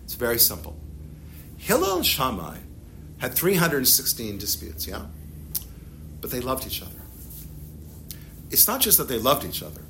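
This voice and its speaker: A man teaching a religious text to a class, lively and animated, acting out little dialogues as he explains. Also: medium pitch, moderate pace, pauses often, slight background noise. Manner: animated, acts out dialogues with shifting loudness.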